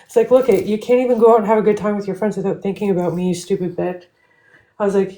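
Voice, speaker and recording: A woman's voice: medium pitch, little pitch movement, fast talker, mellow, poor audio. A woman livestreaming an angry, profane rant full of "like" fillers. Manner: heated, profane, with constant "like" fillers. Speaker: TikTok live streamer. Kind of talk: angry ranting livestream monologue.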